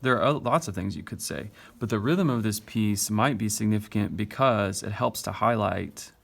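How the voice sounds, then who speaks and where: A man's voice: fairly low pitch, moderate pace, gravelly, fairly bright tone. A male teacher explaining poetry step by step in a recorded lesson, tapping out the stressed beats as he reads.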